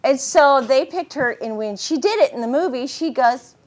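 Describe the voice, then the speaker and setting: Brief: middle-aged woman, animated storyteller, bright higher voice with lots of ups and downs. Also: moderate pace. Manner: animated, jumps into quoted voices and laughs often. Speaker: voice actress and interview guest. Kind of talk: casual storytelling anecdotes.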